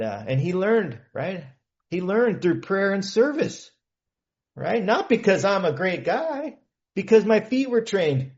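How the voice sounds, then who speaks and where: A man's voice: high-pitched, a little mellow. Male recovery meeting speaker, earnest conversational storyteller, muffled lo-fi recording. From California. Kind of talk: personal testimony talk. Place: meeting hall.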